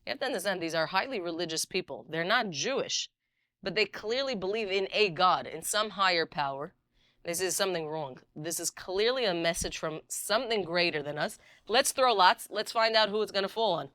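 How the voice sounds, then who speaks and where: Middle-aged woman, Bible teacher, animated storyteller, lowish pitch. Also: dry recording, clean studio sound. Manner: animated storyteller, acts out dialogue, reads Hebrew verses quickly. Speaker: rabbanit teaching a Bible class. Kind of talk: lively Torah class with stories.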